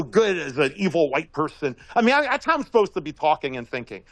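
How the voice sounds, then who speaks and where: A man with a high, lively voice that swings widely as he talks. He rambles through a casual commentary and tells stories in an animated way, laughing often. The sound is dry and close. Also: fast, few pauses, no room sound, poor audio. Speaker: regular guest commentator.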